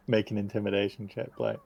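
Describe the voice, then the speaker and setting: A man narrating as game master, relaxed and hesitant with frequent fillers. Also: lowish voice, vocal fry, lo-fi sound. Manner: relaxed, hesitant with many ums.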